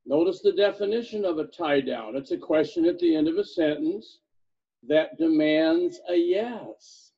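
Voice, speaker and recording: A man's voice: sits high, mellow, dull audio. A man teaching a sales seminar, playful as he drills his audience with questions. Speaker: sales trainer.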